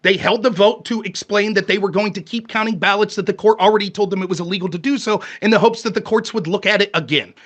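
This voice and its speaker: A high-voiced man argues hard in a heated political debate, cutting in and firing questions with a sarcastic edge. His tone is bright and forceful, and he keeps pushing his opponent for answers. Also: quick pace, few pauses. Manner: combative, interrupting, sarcastic.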